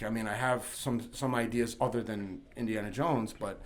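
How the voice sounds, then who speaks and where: A man's voice: on the low side, steady tone, normal speed. A man from New York City, a guest on a podcast, telling rambling stories full of restarts and laughing as he acts out quotes. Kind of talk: casual chat.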